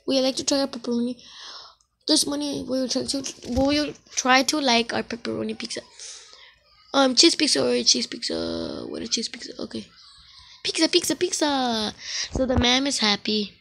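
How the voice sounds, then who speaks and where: A woman giving casual commentary while playing an online game, excitable and full of exclamations. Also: high-pitched, moderate pace, creaky, slight background noise. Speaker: gamer.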